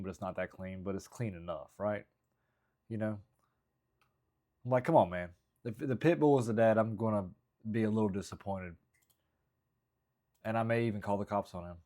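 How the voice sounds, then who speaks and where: A man in a casual vlog, talking haltingly about his stand-up material and second-guessing his own jokes. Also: on the low side, a little mellow. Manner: halting, rambling, self-critical, frequent restarts. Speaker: stand-up comedian.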